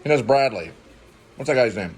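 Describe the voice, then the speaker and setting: A man's voice: medium pitch, lively intonation, moderate pace, husky. A man co-hosting a casual home chat during a meal, rambling and searching for names as he talks. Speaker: co-host.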